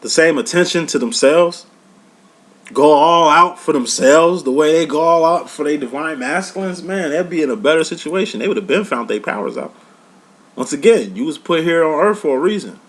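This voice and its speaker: A man's voice: a little high, animated, moderate pace. A man giving a casual tarot reading to his viewers, talking in a blunt, profane, preachy tough-love way. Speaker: tarot reader and life coach.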